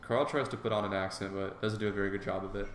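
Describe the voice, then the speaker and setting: A man's voice: on the low side, steady tone, fast talker, slight background noise. A man reading a visual novel aloud as he plays, with casual, joking asides. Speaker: game player and narrator. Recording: echoey room, soft guitar music.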